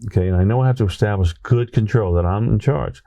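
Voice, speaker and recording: A former teacher with a Brooklyn accent, appearing as an interview guest, tells a classroom anecdote in an animated way, often checking in with "right?". His voice is lowish, fast and creaky, recorded dry with the highs cut off.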